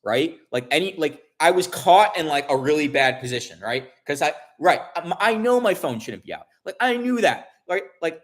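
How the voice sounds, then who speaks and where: A man's voice: a little high, animated, moderate pace, hardly any pauses. Rambling man telling an upset story. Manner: rambling, many restarts and fillers; swears when upset. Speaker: vlogger. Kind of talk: casual storytelling.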